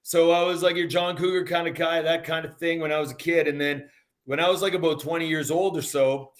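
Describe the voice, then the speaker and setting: Laid-back Western Canadian singer. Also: male voice, a little high, fairly even intonation, fairly quick. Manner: easygoing storyteller, laid-back, says man and dude. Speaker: guest singer. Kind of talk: casual interview chat.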